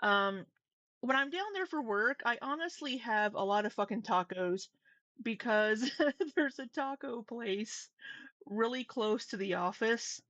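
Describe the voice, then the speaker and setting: Woman, live streamer, unhurried rambling chat, runny nose, dry slightly muffled audio. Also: medium pitch, fairly bright tone, dry recording. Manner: chatty and rambling, greets chat, laughs easily.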